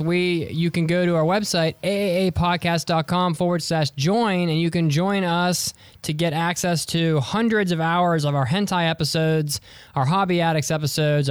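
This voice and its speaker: A man's voice: fairly high pitch, clean tone, no room sound. A man hosting a casual podcast, joking around and rambling through plugs. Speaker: podcast host.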